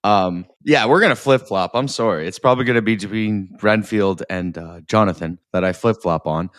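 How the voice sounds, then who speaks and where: A man's voice: lowish voice, moderate pace, no room sound. A man with a mid-range voice retells scenes from a movie, rambling, cursing and cracking himself up. He loses his thread now and then and circles back. The recording is close and dry. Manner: rambling, swears, loses his place, laughs at his own retelling. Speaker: podcast co-host. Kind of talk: casual film review chat.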